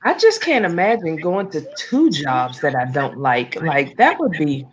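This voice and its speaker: A woman's voice: deep voice, very animated, unhurried. A woman co-hosting an online show in casual chat, joking and laughing easily. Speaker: co-host.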